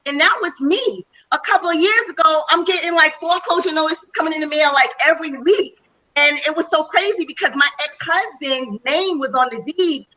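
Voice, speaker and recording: A woman's voice: high-pitched, sharp tone, poor audio. A middle-aged woman giving an enthusiastic, chatty testimonial as a speaker on a webinar panel call.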